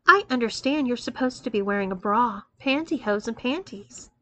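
A woman's voice: on the high side, animated, normal speed, bright, forceful tone. A woman voicing a bold, domineering young female college student who talks in a confident, taunting, commanding way.

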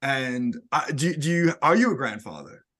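A man's voice: mid-range voice, expressive, moderate pace, fairly bright tone. A man hosting a podcast interview, effusive and enthusiastic with his guest. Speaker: podcast host.

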